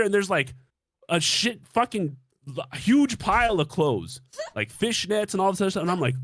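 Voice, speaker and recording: A man's voice: high voice, very animated, normal speed, a bit bright, no echo. A young man casually telling a dating story on a stream, swearing freely and acting out his own reactions.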